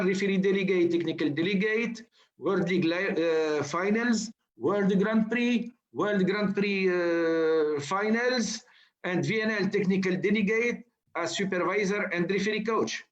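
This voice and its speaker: A man's voice: sits high, lo-fi sound. A man moderating a webinar, formally introducing the guest by reading through a long list of credentials. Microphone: video call.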